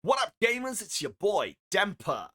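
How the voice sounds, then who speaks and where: A man voicing an over-the-top male online video host with a loud, punchy hype delivery. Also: high-pitched, wildly swooping pitch, moderate pace, pitched above the performer's own voice, heavily acted. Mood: hyped.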